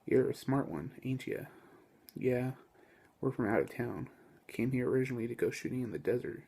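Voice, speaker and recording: A man's voice: medium pitch, normal speed, gravelly, mellow, slightly rough. A man voicing a mocking, crude redneck hunter. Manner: mocking, swaggering drawl.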